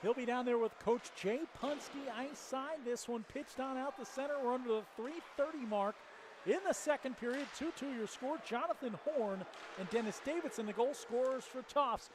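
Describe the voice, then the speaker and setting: Play-by-play man for college hockey, high pitched, over steady background noise. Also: normal speed. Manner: joking banter between calls. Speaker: play-by-play commentator.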